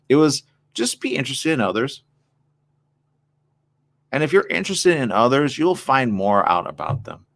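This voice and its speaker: Man, show host, gravelly, lively pitch, candid reflective monologue. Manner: candid and conversational, with rhetorical questions.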